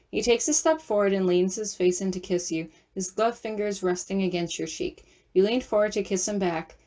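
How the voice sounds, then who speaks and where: A woman reading a second-person fan-fiction story aloud as narrator, in a steady, even storytelling manner. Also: medium pitch. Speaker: audiobook narrator.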